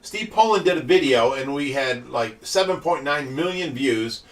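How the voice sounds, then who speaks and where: A man's voice: mid-range voice, animated, normal speed. A man hosting a casual livestream for a fish rescue, telling stories and laughing often. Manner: chatty storyteller who laughs often. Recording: voice distant from the mic.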